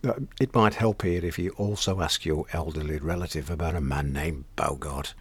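A man narrating a comic first-person tale in dry, deadpan, mock-grand wording. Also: rumbling low, moderate pace, husky, no room sound. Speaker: storyteller.

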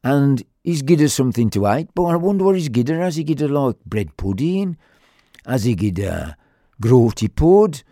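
A man's voice: mid-range voice, very animated, brisk, warm tone, no echo, studio quality. A man with a Black Country accent telling a rambling, humorous story in a chatty way, full of fillers. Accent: Black Country English. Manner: rambling, chatty, with lots of fillers and quoted voices.

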